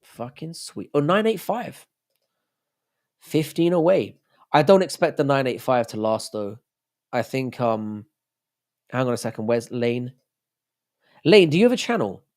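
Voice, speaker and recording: A man's voice: mid-range voice, sing-song, a little slow, long pauses, a little mellow. A man hosting a livestream, rambling, swearing and joking with his chat. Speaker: livestream host.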